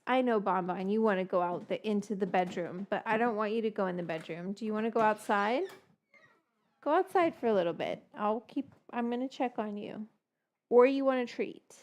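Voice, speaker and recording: Slow-talking woman chatting in her kitchen. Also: mid-range voice, darkish tone. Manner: chatty, rambling, baby-talks to her dog. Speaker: cooking show host. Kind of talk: casual cooking vlog chat.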